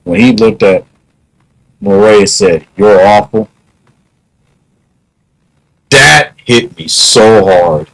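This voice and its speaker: A man's voice: lowish voice, lively intonation, slow, vocal fry, long pauses, fairly bright tone, poor audio. A man musing in a casual vlog monologue, wry and half-joking. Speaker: vlogger.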